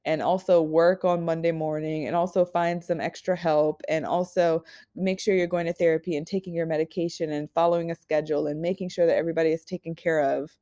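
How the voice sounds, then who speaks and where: A woman in her twenties hosting a podcast, talking in a raw, candid personal monologue that is full of halting restarts and frank swearing. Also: low voice, steady tone, dark tone. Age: 20s. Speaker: podcast host.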